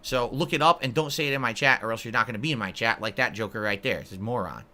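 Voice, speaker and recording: A man's voice: mid-range voice, quick pace, pushed and bright. A man in his early forties answering live chat on a stream, blunt and easily irritated, calling viewers idiots. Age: 40s.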